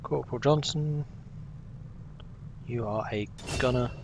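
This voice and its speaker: A young male game streamer with a mid-range, creaky voice speaks slowly, with a bit of hiss or hum in the audio. He casually comments while playing, chatting with viewers and talking to himself.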